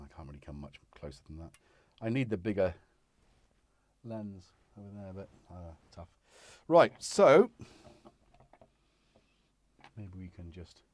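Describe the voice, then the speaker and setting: In a mid-range voice with slight background noise, the man fixing a synthesizer on his live stream keeps up casual chat, muttering mid-task and poking fun at himself. His wireless microphone drops out as it goes out of range.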